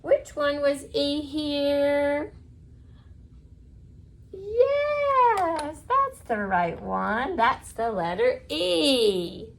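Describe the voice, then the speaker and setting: A woman teaching young children the vowel sounds, drawing out each sound slowly and praising them. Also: high voice, expressive, creaky. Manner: slow, sing-song, drawn-out repeated sounds, encouraging; warm praise and soft blessing to close. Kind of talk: slow phonics lesson for children.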